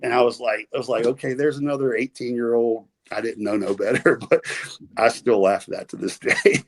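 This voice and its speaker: A man's voice: lowish voice, steady tone, a little fast, a little hiss or hum. A middle-aged man with a Southern US accent, telling rambling stories as a podcast guest with many fillers and restarts. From American South. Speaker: podcast guest, former wrestler. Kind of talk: casual storytelling interview.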